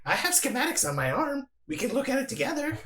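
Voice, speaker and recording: A woman voicing an excitable, childlike alien crew member who eats bugs. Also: high voice, fast, pitched above the performer's own voice. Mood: cheerful. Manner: giddy, bouncy, childlike.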